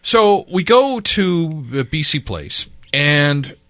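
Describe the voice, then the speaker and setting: Middle-aged canadian guy telling animated stories, bright voice, dry room. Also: fairly high pitch, takes it slowly, no room sound. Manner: animated anecdote-teller, acts out dialogue. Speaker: podcast guest, former team PR man. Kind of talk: casual storytelling.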